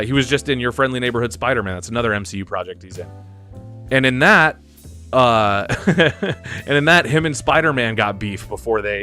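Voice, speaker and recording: A man hosting a live stream, talking in a casual, animated way. He laughs often and repeats and restarts his words. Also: medium pitch.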